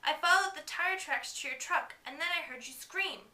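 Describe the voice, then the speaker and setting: A woman's voice: extremely high pitch, normal speed, pushed and bright, recorded from a distance, voice pushed up, full character voice. A woman voicing an anxious, protective teenage boy, urging and pleading, recorded in an echoey room away from the mic. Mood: worried. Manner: urgent, pleading.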